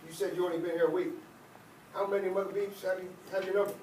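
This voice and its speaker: A man reading aloud as a brash young man on the phone, teasing and bossy, his voice fairly high for a man. The voice sounds distant, with the echo of a roomy space around it. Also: little pitch movement, fast talker, a little mellow, slight background noise, close to an everyday voice. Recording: echoey room, mic at a distance.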